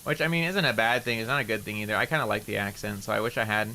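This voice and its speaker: Man, mild rural Canadian accent, bright tense voice, rambling streamer chat, lots of "like", faint background noise. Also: fairly low pitch, very fast. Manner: rambling, heavy use of "like", casual swearing. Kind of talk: casual chat while gaming.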